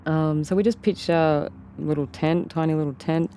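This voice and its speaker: A woman with an Australian accent tells an interviewer a story, rambling and often repeating and rephrasing herself. Her low voice is warm and steady at a normal speed, with a little hiss or hum in the background.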